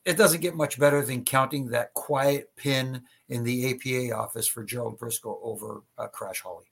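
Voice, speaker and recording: A man's voice: mid-range voice, fairly even intonation, moderate pace, vocal fry, fairly bright tone, slightly rough. A middle-aged man, a former wrestling referee, chatting on a podcast and telling anecdotes with many stammered restarts. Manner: chatty storyteller with frequent stammered restarts and laughter. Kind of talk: casual podcast chat, anecdotes.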